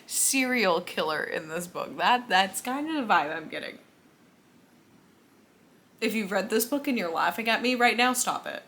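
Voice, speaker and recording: A woman's voice: mid-range voice, expressive, moderate pace, long pauses, a bit bright. Sleepy, chatty young woman vlogging late. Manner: chatty, self-mocking, yawning. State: sleepy, tired. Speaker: book vlogger. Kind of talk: casual late-night vlog chat. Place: at home indoors.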